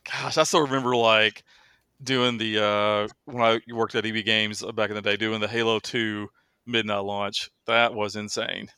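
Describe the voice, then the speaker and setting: Man, podcast co-host, easygoing casual chat, bright voice, dry close sound. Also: on the low side, level tone, clean tone, no echo. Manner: easygoing, quick agreeing backchannels, laughs often. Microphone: remote podcast recording.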